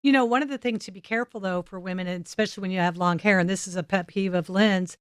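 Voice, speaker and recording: An American woman with a smooth, mid-range voice talks fast, recorded dry with studio quality on a studio set. She's a guest on a motorsports podcast, animatedly telling stories in a casual interview and acting out the dialogue of the people in them.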